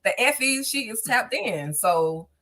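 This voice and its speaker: A woman co-hosting a casual TV episode review, talking quickly and emphatically and repeating her points. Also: on the high side, lively intonation, pushed and bright. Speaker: co-host.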